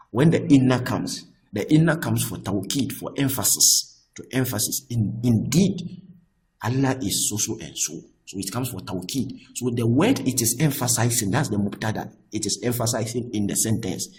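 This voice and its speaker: Low-voiced guy teaching grammar, repeats stuff, restarts a lot. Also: darkish tone, poor audio. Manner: repetitive, patient explaining with frequent restarts. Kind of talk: explaining a grammar text.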